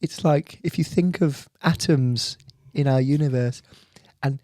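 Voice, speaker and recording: Welsh man doing a science presenter, hushed, breathy, dreamy. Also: fairly high pitch, a little slow, dry recording, studio quality, lightly acted. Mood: wonder-struck. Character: soft-spoken, wonder-struck male science presenter. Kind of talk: comic impression.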